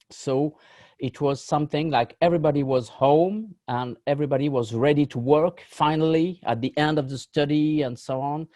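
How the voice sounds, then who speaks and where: A man with a French accent giving a conference talk over a video call, halting and full of fillers. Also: mid-range voice, warm tone, no room sound. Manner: halting, many fillers, apologetic. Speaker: conference panelist.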